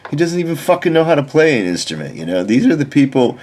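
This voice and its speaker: A man's voice: on the high side, sing-song, fast talker, a little mellow. A middle-aged man rambling through a profane opinion monologue, filling his talk with "you know" and swearing constantly. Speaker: vlogger reacting to videos. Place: living in China.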